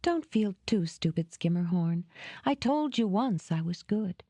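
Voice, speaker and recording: A woman's voice: lowish voice, animated, measured pace, mellow, no echo. A woman voicing a playful, theatrical young woman who teases and fakes tears. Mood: smug. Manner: teasing, theatrical, tearful act.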